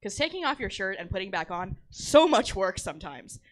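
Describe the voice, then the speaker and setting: A woman's voice: medium pitch, very animated, a little fast. A young woman on a comedy stage, talking casually and rambling, often restarting her sentences. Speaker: comedian guest. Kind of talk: casual onstage chat.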